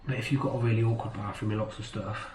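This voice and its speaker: A man's voice: on the low side, flat delivery, quick pace. Man, electrician, joking banter, echoey bathroom, noisy background. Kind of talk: casual on-the-job chat. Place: bathroom being renovated. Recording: echoey room, distant mic, noisy.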